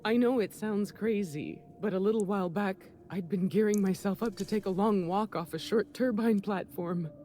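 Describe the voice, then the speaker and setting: A woman's voice: medium pitch, moderate pace, hardly any pauses, mellow, soft background music, lightly acted. An actress voicing a nervous young woman receptionist in a video game, breathless, rattled and chatty.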